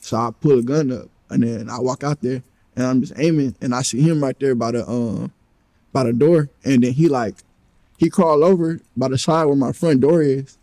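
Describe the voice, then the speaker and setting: A man's voice: medium pitch, steady tone, normal speed, dark tone, no echo. A man interviewed as a guest, vividly retelling events and acting out what each person said. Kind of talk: storytelling in an interview.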